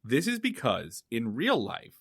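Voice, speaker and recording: Guy cohosting a podcast, bright punchy voice, animated jokey recap. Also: medium pitch, unhurried, husky. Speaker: podcast co-host. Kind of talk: casual comedic podcast chat.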